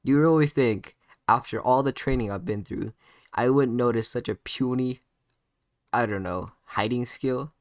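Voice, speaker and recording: A man's voice: medium pitch, normal speed, no echo, clean studio sound, natural voice. A man doing a smug teenage boy ninja. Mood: taunting. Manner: taunting, smug, with fillers and restarts.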